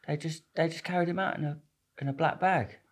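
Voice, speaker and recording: A man's voice: a little high, steady tone, a little fast. A young man, a podcast guest telling stories in a rambling, slangy way with plenty of swearing and restarts. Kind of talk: casual storytelling interview.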